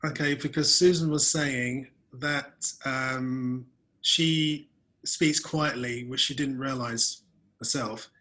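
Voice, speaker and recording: A man's voice: mid-range voice, fairly even intonation, takes it slowly, bright, forceful tone, low-quality recording. A man hosting a video-call webinar interview, telling casual self-deprecating stories about his early days on camera. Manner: chatty, self-deprecating storyteller. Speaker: webinar host.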